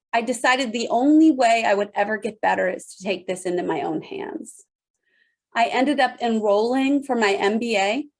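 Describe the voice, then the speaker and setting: A woman in middle age delivers a motivational leadership talk over a video call. Her voice sits high, and she takes her time, leaning on repeated phrases. She addresses her listeners directly and with emphasis. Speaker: leadership speaker. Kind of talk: motivational talk to an online audience.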